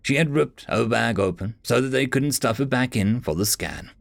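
Male storyteller with a lively, gravelly read and no room sound. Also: medium pitch, normal speed, no room sound. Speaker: narrator. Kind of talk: audiobook narration.

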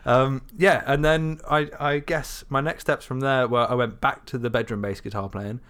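A man's voice: medium pitch, fairly even intonation, moderate pace, a bit bright, smooth. Chatty man on a podcast. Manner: chatty, jokey, laughs often. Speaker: podcast co-host and musician. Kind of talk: casual chat.

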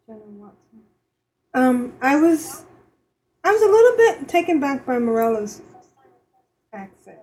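Higher-voiced woman, halting casual chat. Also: big pitch swings, mellow, poor audio. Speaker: podcast co-host.

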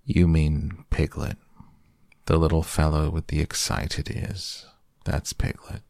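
Brief: a man playing a self-pitying storybook donkey, sunk very deep, gravelly and slow, mournful and sarcastic. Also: little pitch movement, darkish tone, dry recording, studio quality, heavily acted. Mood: gloomy.

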